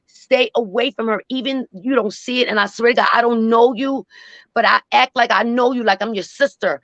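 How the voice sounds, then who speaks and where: A woman's voice: a little high, a little fast, fairly bright tone, dry recording, dull audio. Blunt, cursing woman caller. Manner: blunt, profane, repeats herself. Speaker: caller on a live stream. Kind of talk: emotional call-in rant.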